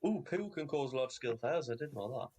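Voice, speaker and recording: A man's voice: medium pitch, lively intonation, a little fast, darkish tone, slightly rough, poor audio. A man co-hosting a casual comedy podcast, reading out strange facts with wry asides. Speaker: podcast co-host. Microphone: podcast mic in a live online session.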